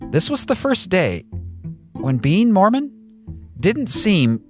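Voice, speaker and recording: A man giving measured, scripted documentary narration. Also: high-pitched, wildly swooping pitch. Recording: voice over clear music.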